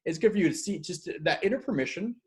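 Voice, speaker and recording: A man speaking as a guest coach in a casual video-call interview, energetic and acting out quotes as he tells stories. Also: high voice. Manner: fast, energetic storyteller, acts out quotes. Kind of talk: animated casual interview talk.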